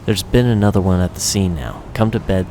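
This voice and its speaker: A low-voiced man reads a game's narration aloud in a relaxed, conversational way. He drops in offhand comments between passages. A faint hiss sits under the voice. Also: fairly quick. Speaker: gamer reading a visual novel aloud. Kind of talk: reading game text with casual asides.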